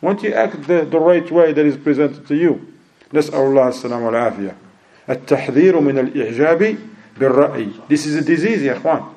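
A man's voice: a little high, expressive, rapid-fire, mellow, poor audio. A man giving a sermon who acts out quoted people and mixes in Arabic phrases. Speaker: preacher.

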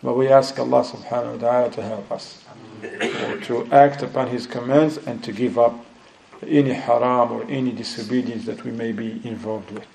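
Mellow-voiced man teaching a class. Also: fairly even intonation, moderate pace, creaky, poor audio. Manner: switches between English and Arabic terms, quizzes students; acts out inner voices in a lower, quieter tone. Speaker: Islamic studies teacher. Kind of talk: classroom lesson with students.

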